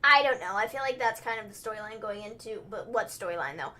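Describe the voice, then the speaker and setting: A young woman hosting a casual wrestling recap livestream, animated and chatty, laughing easily. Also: medium pitch, quick pace. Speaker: host.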